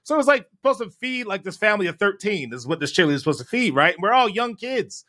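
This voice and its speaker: A man telling a childhood story in a podcast chat, animated and often tagging his sentences with "right?". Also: high voice, quick pace. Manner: animated storyteller, frequent "right?" tag questions. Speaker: guest.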